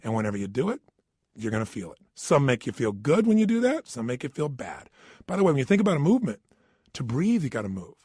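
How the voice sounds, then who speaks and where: A middle-aged man giving an energetic motivational talk into a studio microphone, emphatic and questioning the listener directly. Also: mid-range voice, fast talker, slightly rough, no echo. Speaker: motivational speaker.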